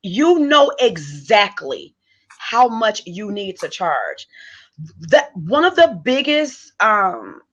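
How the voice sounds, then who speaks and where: A woman hosting a live stream as a business coach, pitching her system in a quick, eager, salesy way. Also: huge pitch swings, fairly bright tone. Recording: dull lo-fi stream audio.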